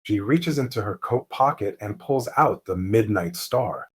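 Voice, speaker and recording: A man narrating a mystery story slowly and clearly as host of a lesson for English learners. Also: lowish voice. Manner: calm, clear, deliberate.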